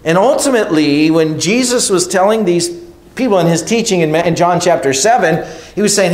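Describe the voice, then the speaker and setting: Conversational preacher in an echoey church. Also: male voice, high voice, animated, moderate pace. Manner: conversational, many restarts, checks in with "okay?" and "right?". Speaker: pastor. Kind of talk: sermon. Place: church sanctuary.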